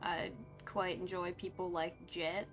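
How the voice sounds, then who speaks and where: A woman streamer recounting her character's story in a roleplay game, animated and frustrated, swearing freely. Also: fairly low pitch, a little slow, over music.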